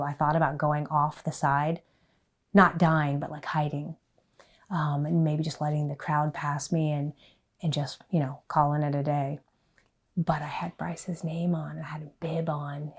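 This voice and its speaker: A middle-aged woman telling a personal story in a documentary interview, earnest and self-deprecating, sometimes dropping to a hush and sometimes getting loud. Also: deep voice.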